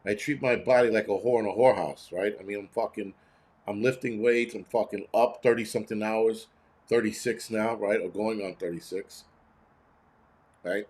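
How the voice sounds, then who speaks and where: A man in his fifties hosts a casual livestream, his voice on the low side, a little mellow, steady in tone, and moderate in pace. He rambles sarcastically and swears all the time.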